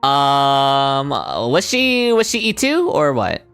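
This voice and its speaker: A woman's voice: a bass voice, wildly swooping pitch, slow, a bit bright, smooth, faint music behind. A woman streaming a game, chatting casually and answering her chat.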